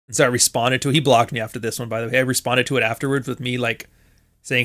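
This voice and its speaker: A man's voice: medium pitch, flat delivery, quick pace, a bit bright. A man hosting his podcast, telling a story in a casual monologue, swearing freely, laughing often and acting out what others said. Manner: profane, sardonic, laughs often, acts out quotes. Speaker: podcast host.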